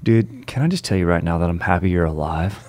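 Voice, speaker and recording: Laid-back bro-talking man, low voice. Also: fast. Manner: laid-back bro slang, animated storytelling. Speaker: podcast host. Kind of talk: casual chat.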